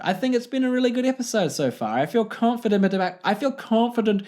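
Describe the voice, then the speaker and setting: A man's voice: high voice, lively intonation, fast, darkish tone. A young man with a New Zealand accent hosting a solo podcast, telling a story in a jokey, rambling way and laughing often. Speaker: podcast host.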